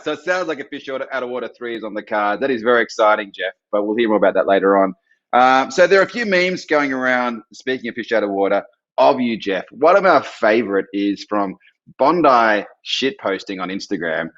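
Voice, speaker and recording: A man's voice: mid-range voice, animated, brisk, a bit bright, lo-fi sound. A man hosting a live stream, chatty, reading out viewer questions.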